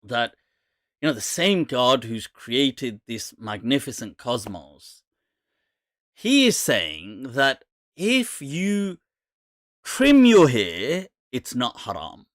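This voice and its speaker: A man hosting a casual live Q&A, animated and mocking, laughing often. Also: mid-range voice, takes it slowly, dry recording, studio quality. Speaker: host.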